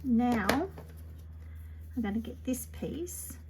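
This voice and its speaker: Woman crafter, relaxed slow tutorial delivery, gravelly texture, chatty with frequent soft muttered asides. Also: on the high side, heavy background noise. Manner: chatty, thinking aloud as she works; drops to soft, half-whispered asides. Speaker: card-making demonstrator. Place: indoors at a craft table.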